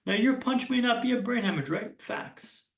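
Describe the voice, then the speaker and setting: Keynote speaker, male, high gravelly voice, punchy storytelling with dramatic pauses, echoey hall. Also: lively intonation, distant mic. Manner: self-deprecating humor. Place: conference hall stage.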